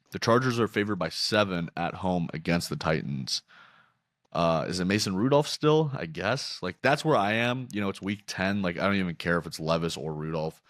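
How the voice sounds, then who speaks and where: A young man hosting a podcast, chatting casually about sports betting with profane, animated storytelling. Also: sits low, no room sound, studio quality. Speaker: podcast host.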